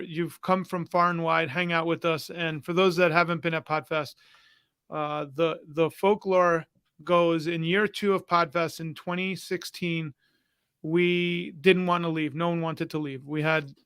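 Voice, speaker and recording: A man's voice: a little high, fairly bright tone, smooth, no room sound. A man talking with enthusiasm as a guest on a casual livestream, telling stories energetically over a video call. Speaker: conference organizer, guest.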